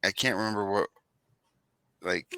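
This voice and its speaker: A man's voice: on the low side, fairly even intonation, unhurried, sharp tone, smooth, no echo. A man co-hosting a livestream, chatting playfully while painting miniatures. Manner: playful, jokey. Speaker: stream co-host. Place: game store.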